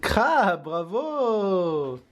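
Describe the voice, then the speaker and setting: A man's voice: high voice, sing-song, extremely slow. A man from France patiently quizzing and praising his toddler at home. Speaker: father.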